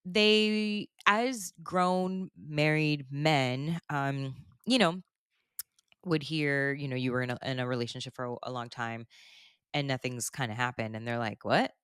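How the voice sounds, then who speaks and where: A woman's voice: extremely low pitch, a little slow, a bit bright, clean tone, no room sound, clean studio sound. A woman hosting a podcast, talking in a candid, rambling way full of "like" and "basically". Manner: rambling, candid, heavy use of fillers like "like" and "basically". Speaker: podcast host. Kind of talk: casual chat.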